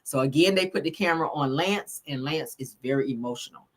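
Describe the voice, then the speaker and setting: A woman's voice: low voice, fairly quick. A woman hosting a casual live recap for viewers, telling the story in a chatty way and checking in with her listeners as she goes. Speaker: show recap host.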